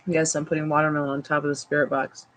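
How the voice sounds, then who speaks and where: A woman's voice: low voice, flat delivery, fast, slight background noise, low-quality recording. Chatty woman streaming from outdoors. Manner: rambling, chatty, filler-heavy. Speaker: tarot reader livestream host. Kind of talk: casual livestream chat. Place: outdoors at home.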